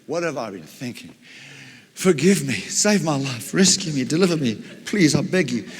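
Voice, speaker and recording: Man playing a desperate groveling advisor, pleading, soft, lower voice, long hall reverb. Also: sing-song, normal speed, husky. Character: desperate groveling male royal advisor begging for his life.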